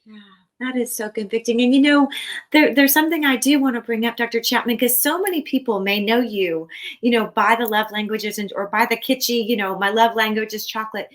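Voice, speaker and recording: Higher-voiced woman hosting an interview. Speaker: interview host. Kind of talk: conversational interview.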